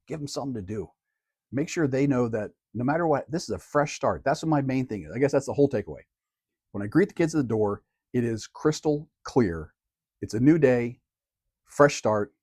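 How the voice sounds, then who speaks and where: A male teacher giving advice to camera in a relaxed, conversational way, using plain everyday phrasing. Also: mid-range voice, moderate pace, slightly rough, dry recording, clean studio sound. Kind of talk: casual how-to talk to camera.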